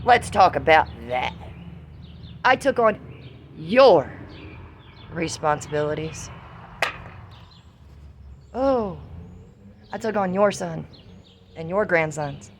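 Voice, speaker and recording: A middle-aged woman with a Southern US accent, venting in a profane, confrontational vlog monologue that rises to shouts. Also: on the low side, animated, takes it slowly, long pauses, a little hiss or hum. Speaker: vlogger.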